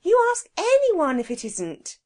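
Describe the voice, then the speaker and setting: A woman's voice: very high-pitched, huge pitch swings, moderate pace, a little mellow, pitched above the performer's own voice, heavily acted. A woman reading a children's storybook, voicing a blunt, outspoken little girl. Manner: blunt, muttering.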